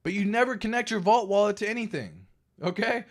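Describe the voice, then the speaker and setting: Man, livestream host, casual chat, higher voice, emphatic, profane, repeats himself. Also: fairly quick. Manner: emphatic and animated, swears freely; cautionary, repeats points for stress.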